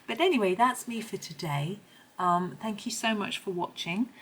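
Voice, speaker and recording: A woman with a hoarse voice, chatting her way through a colouring tutorial in a meandering, self-correcting manner. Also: medium pitch, moderate pace, a little hiss or hum, poor audio. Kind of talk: casual tutorial narration.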